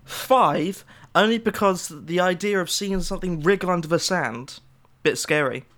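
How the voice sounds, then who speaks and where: A man's voice: high voice, moderate pace, fairly bright tone, slight background noise. A young man co-hosting a podcast, speaking casually and hesitantly, with frequent ums. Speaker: podcast co-host. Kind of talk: casual chat.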